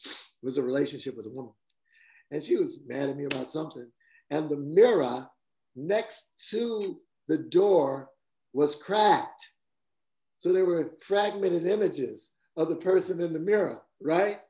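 A man speaking as a guest cinematographer, telling stories casually with a lively delivery, laughing often and acting out quotes. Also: fairly high pitch, measured pace. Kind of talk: casual anecdotal storytelling.

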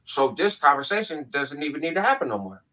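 A man telling a long story as a guest on a casual show, acting out other people's voices in a high pitch. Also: sing-song, fast talker, sharp tone, far from the mic. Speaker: podcast guest. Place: home in Nevada.

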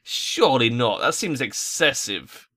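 Very animated yet a little slow, a young YouTuber swears through frustrated commentary on a football tactics game. His mid-range voice has a sharp tone.

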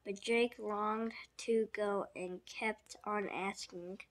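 A woman reading a children's picture book aloud, slow and expressive, giving the characters little voices. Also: medium pitch. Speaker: storybook reader.

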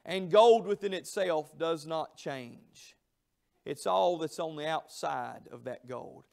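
A middle-aged man, preaching a revival sermon in a church, telling a story with emphatic, drawn-out phrases. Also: a little high, gravelly, a little mellow. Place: church sanctuary.

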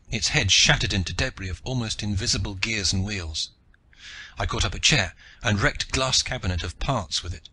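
A man narrating an audiobook in the first person, with a steady, dramatic read. His voice is low, husky and forceful, carrying a hard, pressing edge through each sentence.

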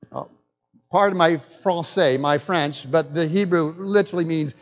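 An older man, a guest pastor, preaching a sermon with animated swings between loud emphatic bursts and low asides. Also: normal speed. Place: church hall. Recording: dull sound in a reverberant hall.

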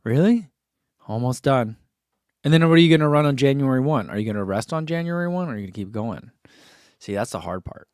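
A man's voice: mid-range voice, animated, fairly quick, a little mellow, no room sound, clean studio sound. A man in his thirties hosting a live stream, reading out viewer comments and chatting casually with lots of fillers and restarts. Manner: chatty, rambling, with fillers and laughs.

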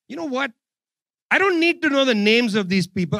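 A man's voice: very high voice, big pitch swings, a little fast, gravelly, sharp tone, no room sound, clean studio sound. A man giving an impassioned political speech at a rally, sarcastic and mocking, hammering points through repetition. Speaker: speaker at a rally.

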